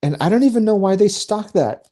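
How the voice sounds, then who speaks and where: A man's voice: high-pitched, animated, brisk, mellow. A man chatting casually as a podcast guest, laid-back, recalling army training and laughing often. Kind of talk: casual chat.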